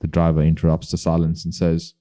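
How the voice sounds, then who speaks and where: A man from Bahrain narrates a documentary-style podcast in a measured, dry voice. His pitch sits very low, and the tone is extremely dark and mellow. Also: completely flat delivery. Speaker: podcast host.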